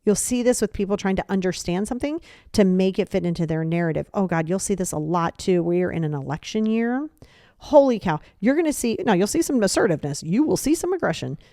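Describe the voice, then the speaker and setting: Animated woman giving advice, dry sound. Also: mid-range voice, a little fast, no echo. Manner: animated, acts out example dialogues in quoted voices; repeats phrases for emphasis. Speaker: podcast host. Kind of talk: casual advice talk.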